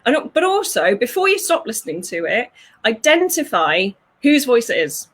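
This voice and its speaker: A woman, working as a fulfillment coach, talks through ideas in an animated way, laughing often and acting out voices. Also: on the high side, moderate pace, husky. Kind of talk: conversational interview.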